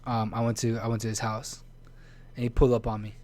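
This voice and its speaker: Young guy on a podcast, chill slangy storytelling, laughs a lot, normal pitch. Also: little pitch movement, fast talker, a little mellow, no echo. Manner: laid-back slangy storyteller, laughs often. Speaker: podcast co-host. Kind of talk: casual chat, storytelling.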